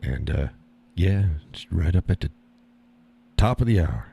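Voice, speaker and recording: A man's voice: low-pitched, animated, normal speed, gravelly, mellow, husky. A man hosting a live stream, chatting casually and reading the chat, folksy and easygoing, often repeating his own phrases.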